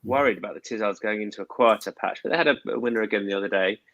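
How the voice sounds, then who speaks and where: A man hosting a relaxed horse racing tips discussion, his voice sitting on the low side. He talks haltingly, stopping to poke fun at himself, and says um a lot. The sound is dull and lo-fi, with a dry room. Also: no room sound. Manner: halting, self-deprecating, many fillers. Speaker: host. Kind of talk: casual betting tips chat.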